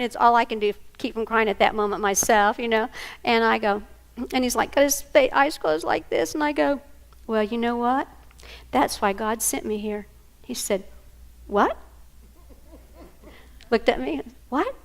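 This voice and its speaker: This workshop speaker, an older woman from the American South, shares family anecdotes in a lively lecture, voicing the characters herself. Her somewhat high, creaky voice moves at a normal pace, and she pauses often.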